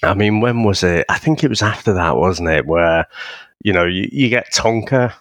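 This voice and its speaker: A man co-hosting a casual film podcast, retelling scenes in a relaxed, chuckling way. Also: low voice, normal speed, dry recording. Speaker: podcast co-host.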